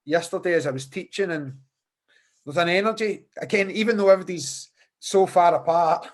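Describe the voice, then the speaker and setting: A man's voice: high-pitched, brisk. A man hosting a podcast interview over a video call, chatty and often repeating words as he thinks. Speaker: podcast host.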